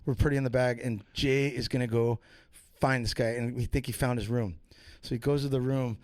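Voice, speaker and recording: A podcast guest tells rambling, profane stories in a casual way, switching voices for the people he quotes. His mid-range voice is fairly quick with fairly even intonation, and the recording has no echo.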